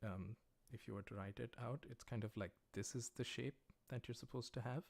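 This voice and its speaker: A man's voice: mid-range voice, steady tone, brisk, vocal fry, darkish tone. An American man teaching a livestreamed language lesson, explaining patiently as he writes, with frequent "uh" and "um" fillers. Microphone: livestream microphone.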